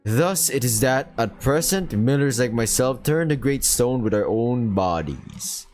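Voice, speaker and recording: Animated male let's player reading game narration over soft game music. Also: mid-range voice, unhurried, few pauses, low-quality recording. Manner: expressive reading, laughs at his own slips. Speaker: visual novel let's player.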